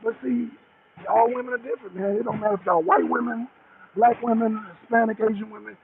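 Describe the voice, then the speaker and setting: High pitched raspy guy rambling on a live stream, talking to chat by name, sounds like a phone line. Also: fairly even intonation, a little fast, a crowd in the background. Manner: rambling, addresses viewers by name, repeats himself. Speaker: livestream talk show host reading chat. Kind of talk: casual livestream chat. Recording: tinny phone-like audio with faint noise.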